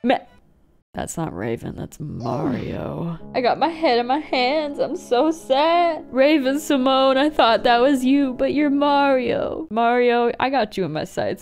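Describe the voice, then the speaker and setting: A woman giving excitable, jokey let's-play commentary as a gaming YouTuber. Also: on the high side.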